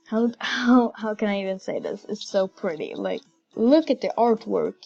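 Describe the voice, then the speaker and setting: A woman giving casual gameplay commentary, gushing and giggly with excitement. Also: mid-range voice, moderate pace, creaky, soft background music. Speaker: game commentator. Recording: dull lo-fi recording.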